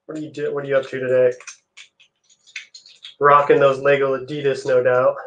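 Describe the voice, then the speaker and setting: A man's voice: mid-range voice, moderate pace, muffled recording. A young man hosting a live stream, chatting casually with viewers while he builds. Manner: relaxed, chatty, answers chat messages.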